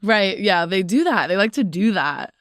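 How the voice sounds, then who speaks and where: A woman's voice: medium pitch, expressive, moderate pace, fairly bright tone, no echo, studio quality. A young woman co-hosting a podcast, telling rambling casual stories full of "like". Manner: rambling storytelling, heavy use of "like". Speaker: podcast co-host. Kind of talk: casual chat.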